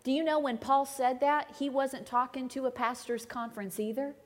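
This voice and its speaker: A woman's voice: high voice, steady tone, normal speed. Woman preaching in a reverberant church. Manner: conversational, dramatic shifts between loud and hushed. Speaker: guest preacher. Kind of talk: sermon. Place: church sanctuary. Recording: long hall reverb.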